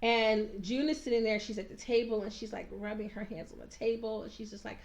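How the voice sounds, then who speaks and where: A woman recapping a TV episode in casual chat, animated and sassy, acting out the characters as she goes. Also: fairly high pitch, a little fast, few pauses, dull audio. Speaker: TV recap reviewer. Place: at home, handheld camera.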